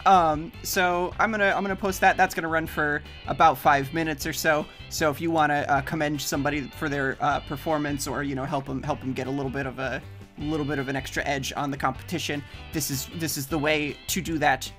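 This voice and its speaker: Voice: medium pitch, steady tone, a little fast, a bit bright, soft background music. A laid-back host running an improv comedy game, chuckling and using lots of fillers. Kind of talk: hosting an improv game stream.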